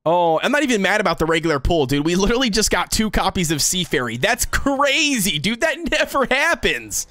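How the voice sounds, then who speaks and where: A young man streaming a mobile game, reacting with loud hype and saying "dude" and "bro" constantly. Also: sits high, very animated, fast, hardly any pauses, dry recording. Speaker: gaming streamer. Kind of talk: excited livestream gacha reaction.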